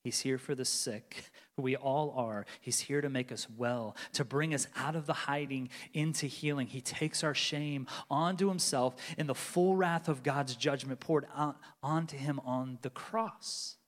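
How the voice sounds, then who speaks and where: A man in his forties preaching a sermon, moving between loud urgency and hushed, near-whispered lines. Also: medium pitch, measured pace. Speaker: pastor. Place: large church sanctuary. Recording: long reverb of a large church hall.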